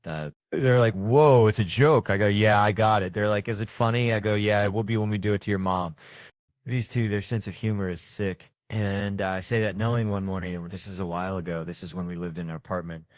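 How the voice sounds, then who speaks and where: A middle-aged male comedian tells crude family stories, profane and brash. His voice sits a little low. The sound is dry and close, with no room echo. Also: steady tone, a little fast. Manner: brash, profane storytelling with acted-out quotes. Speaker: stand-up comedian. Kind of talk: stand-up comedy routine.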